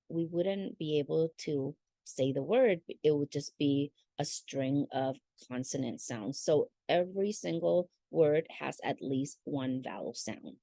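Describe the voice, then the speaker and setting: A woman's voice: low-pitched, vocal fry, warm tone, no echo. A woman teacher giving a parent workshop in a chatty way, with fillers and check-ins. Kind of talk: casual instructional talk.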